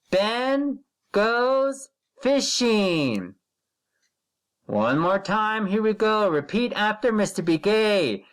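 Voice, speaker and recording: Slow, animated first-grade teacher man. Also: sits high. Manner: slow, deliberate, repeats directions, stretches words when modeling reading. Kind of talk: recorded online reading lesson. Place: recording at a computer while sharing the screen.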